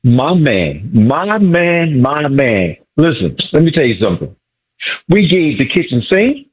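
A male caller phoning a sports radio show, excitedly boasting about his team and repeating himself. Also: fairly high pitch, measured pace, breathy edge, phone-quality sound.

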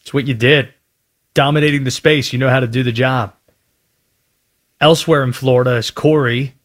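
A man's voice: mid-range voice, moderate pace. A man hosting a sports talk radio show, ranting playfully about team colors in a studio. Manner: animated, playful rants.

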